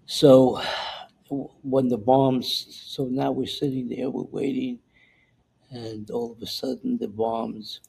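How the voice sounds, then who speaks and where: Older man, gravelly and husky, warm low tone; a veteran telling his story in halting, repeating phrases. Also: low-quality recording. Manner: halting, repeats words and acts out the dialogue he recalls. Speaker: veteran recounting wartime memory. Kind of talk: oral history storytelling.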